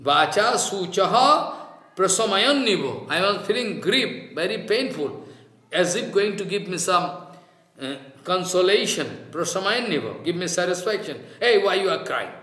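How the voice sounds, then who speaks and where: High-voiced man giving a reflective sermon. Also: animated, sharp tone. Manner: slow and reflective, chanting Sanskrit verses and explaining them. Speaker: spiritual teacher. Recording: roomy echo.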